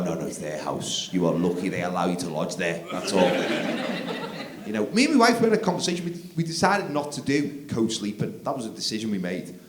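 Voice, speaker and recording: A man doing live stand-up comedy on a theatre stage, swinging from mumbled asides to shouted outbursts. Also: medium pitch, slight background noise. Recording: roomy live theatre recording with crowd. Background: laughing audience.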